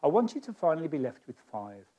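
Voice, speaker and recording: A man with a slightly higher voice works the stage as a magician. He jokes at his own expense and chats freely with the volunteers. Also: very animated, fast talker, dark tone. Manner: chatty, self-mocking, joking with volunteers. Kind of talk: live stage magic patter. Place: stage of a magic society hall.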